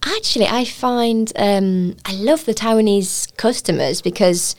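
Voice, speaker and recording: A British woman with an English accent talks casually in an interview about running her restaurant. She is chatty and upbeat, sprinkling in "you know". Her mid-pitched voice has a light gravelly edge. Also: animated, a little slow. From England. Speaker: restaurant owner, guest.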